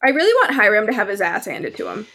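A woman's voice: mid-range voice, huge pitch swings, quick pace, bright, forceful tone. A young woman co-hosting a podcast in casual, enthusiastic chat, full of fillers. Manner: chatty, enthusiastic, with many fillers. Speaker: podcast co-host. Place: Vancouver.

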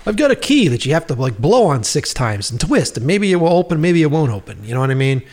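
A man in a relaxed chat recounts making his films. His voice sits a little high, and he swears freely while playing out the conversations he remembers. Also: fast talker. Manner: profane, animated storyteller acting out quoted dialogue. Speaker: filmmaker guest. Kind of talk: casual storytelling chat.

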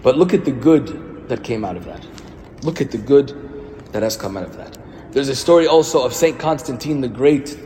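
A male priest delivers a storytelling sermon in a mid-pitched, conversational voice. He asks his listeners rhetorical questions as he goes. The church hall rings with a long, roomy echo, and faint ambient noise sits behind him. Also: dark tone.

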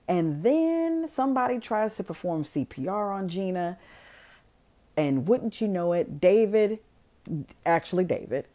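A woman casually retelling a film plot, swearing freely and acting out the characters' lines. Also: lowish voice. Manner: animated, swears freely, acts out quotes. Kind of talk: casual storytelling.

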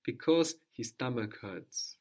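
A man's voice: mid-range voice, lively intonation, slow pace, a little mellow, slightly rough. A man teaching a language lesson, patiently prompting his student with questions and repeating the answers.

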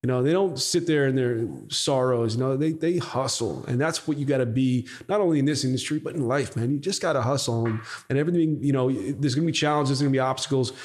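A man telling a story in a casual podcast interview, speaking at a middle pitch. He is animated and curses freely. He acts out the things people said to him. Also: fast, hardly any pauses. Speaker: podcast guest, company founder.

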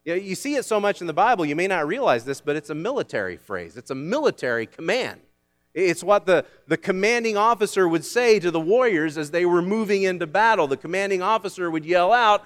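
A man preaching a sermon as pastor, swinging from loud commands down to quiet asides. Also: high voice, lively intonation, brisk.

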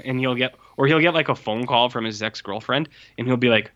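Man, casual film review, animated, swears, mimics movie lines, lo-fi muffled audio. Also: mid-range voice, brisk. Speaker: podcast co-host reviewing movies. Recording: muffled lo-fi sound.

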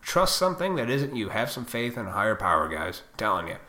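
A man's voice: fairly low pitch, big pitch swings, fast, bright, forceful tone. A man hosting his own podcast, ranting profanely and combatively, now and then mocking other people in put-on voices. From Illinois. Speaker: podcast host.

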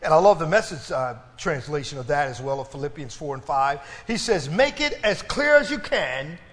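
A man's voice: a little high, animated, normal speed, fairly bright tone. A man preaching a sermon, stretching out his phrases for emphasis and calling on the congregation to respond. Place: church. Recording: reverberant church hall.

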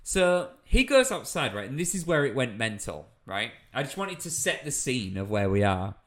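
Animated young man telling a funny story. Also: mid-range voice, normal speed. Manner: animated, swearing, lots of fillers. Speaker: podcast co-host, storyteller. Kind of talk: casual comedic storytelling.

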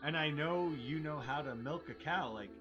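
A man's voice: a little high, moderate pace, muffled recording, over music. A man co-hosting a casual chat, riffing and joking with lots of "like.". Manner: jokey, riffing, says 'like' a lot. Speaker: podcast co-host.

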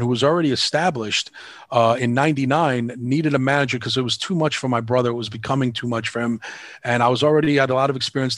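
A man's voice: medium pitch, a bit bright, dry recording, studio quality. A man, telling stories in a casual interview in a rambling, frank and profane way, acting out the people he quotes. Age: 50s. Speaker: band manager and promoter.

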